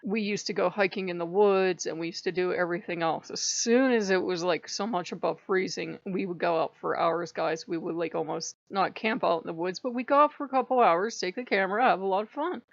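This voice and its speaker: A woman's voice: fairly low pitch, a little fast, creaky, hardly any pauses, dry recording. A woman hosting her own spiritual vlog, talking in a rambling, profane way and laughing often. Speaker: spiritual channel host. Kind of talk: casual vlog monologue. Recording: dull lo-fi, dry.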